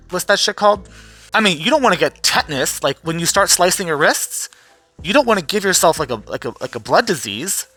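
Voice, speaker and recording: Tired, sarcastic male vlogger, bright and somewhat high, swears a lot. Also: no echo. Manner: blunt, sarcastic, swears freely. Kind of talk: casual profane rant.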